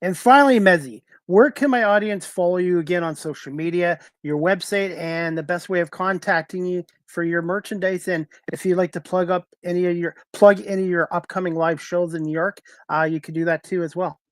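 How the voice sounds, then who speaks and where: A man hosting a talk show over a video call, asking guests steady, earnest questions. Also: high voice, brisk, few pauses, dry recording. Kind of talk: casual interview.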